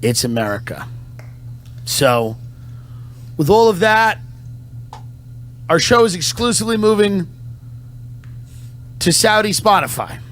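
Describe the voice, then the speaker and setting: A comedian delivering a satirical, mock-solemn patriotic monologue in a deadpan manner. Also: male voice, sits high, slight background noise. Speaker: comedian and podcast host.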